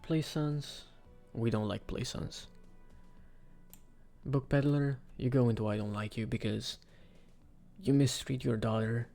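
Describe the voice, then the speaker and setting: A man giving casual, rambling commentary for a video, with sudden excited outbursts. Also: medium pitch, a little slow, creaky, pauses often, soft background music. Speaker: video creator. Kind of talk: casual commentary ranking game characters.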